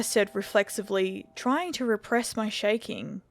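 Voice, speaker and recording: A woman narrating a scripted horror story in a steady, measured storytelling voice. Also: mid-range voice, creaky, no room sound.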